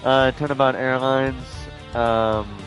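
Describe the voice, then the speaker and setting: A man's voice: medium pitch, fairly even intonation, takes it slowly, rough recording. A man streaming a game, chatting casually with viewers in a rambling way, with many restarts. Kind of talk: casual live-stream chat. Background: faint game music.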